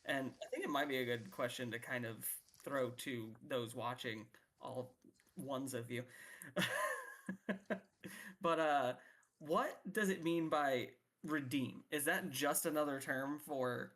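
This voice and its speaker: A man co-hosting a casual Bible discussion, playful and quick to laugh and joke along. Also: mid-range voice, fairly bright tone. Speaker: podcast co-host.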